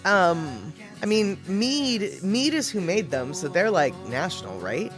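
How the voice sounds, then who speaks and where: A woman's voice: lowish voice, big pitch swings, measured pace, over music. A woman livestreaming, rambling casually and greeting viewers in the chat.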